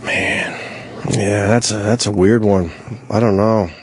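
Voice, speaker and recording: A low, slightly husky male radio host talks casually into a close mic in a dead-dry studio. He reads news aloud and breaks off into blunt, cussing asides. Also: fairly even intonation, slow pace, no room sound. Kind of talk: casual talk radio banter.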